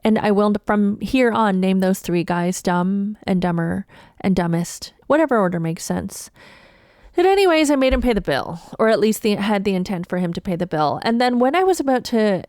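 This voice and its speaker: A woman from Toronto, a comedian telling a story on her podcast in an animated, indignant and profane way. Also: mid-range voice, moderate pace, no room sound, studio quality. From Toronto, Canada. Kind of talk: storytelling monologue.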